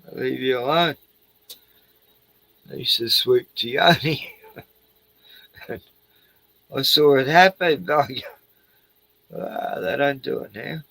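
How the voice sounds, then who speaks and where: A man's voice: mid-range voice, lively intonation, slow pace, gravelly, long pauses, fairly bright tone, no echo, rough recording. A man in a rambling casual chat, swearing freely, laughing and trailing off mid-sentence. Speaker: host reacting to a video.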